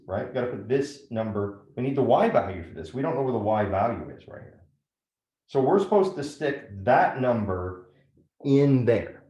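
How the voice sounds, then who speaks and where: Lively low-voiced man teaching math. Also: roomy sound. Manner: step-by-step, asks frequent "right?" checks. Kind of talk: classroom lecture at a whiteboard.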